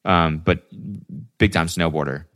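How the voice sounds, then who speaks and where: A man's voice: low-pitched, fairly even intonation, unhurried, fairly bright tone. A man hosting a solo podcast, talking casually in a rambling, profane way full of fillers. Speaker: podcast host.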